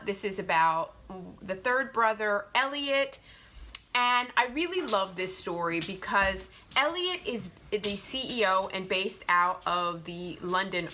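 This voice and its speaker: A woman's voice: medium pitch, pushed and bright, a little hiss or hum. A young adult woman chatting heartfelt about romance novels, filling her talk with "like". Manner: heartfelt, chatty, full of "like" fillers. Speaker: booktuber reviewing romance novels. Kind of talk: casual book review chat.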